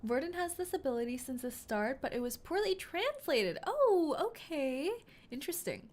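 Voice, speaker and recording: A woman's voice: sits high, normal speed. A young woman streaming a story game, reading its text aloud and reacting playfully with frequent laughs and gasps. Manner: excitable and playful, laughs often, gasps and jokes between read lines.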